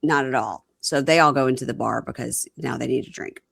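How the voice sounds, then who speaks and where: A woman's voice: rumbling low, fairly quick, gravelly, slightly rough, no echo. A woman hosting a casual podcast chat, recapping a reality show and acting out the quotes with voices. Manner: animated, acts out quotes with voices. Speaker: podcast host.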